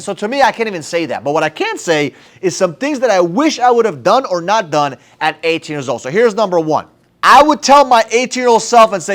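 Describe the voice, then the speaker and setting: A man giving an energetic, emphatic motivational talk to camera about advice to his younger self, with slangy phrasing. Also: high voice, brisk. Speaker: sales business owner.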